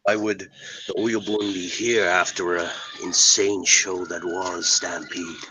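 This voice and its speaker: A man giving an in-character wrestling promo on a video call. He talks in an intense, boastful way, swears, and builds to shouts. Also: deep voice, flat delivery, slow, husky, poor audio. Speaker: pro wrestler guest.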